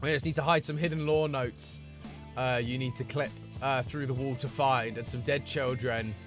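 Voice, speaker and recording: A man chatting casually with his live-stream chat, playful and full of quick asides. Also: mid-range voice, steady tone, over music.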